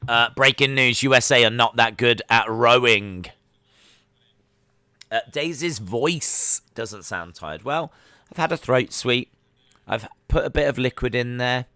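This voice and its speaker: Male streamer, sports reactions, clear and dry. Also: mid-range voice, measured pace, dry recording. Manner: chatty, excitable, with frequent fillers. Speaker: livestream host. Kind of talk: live sports watch-along commentary.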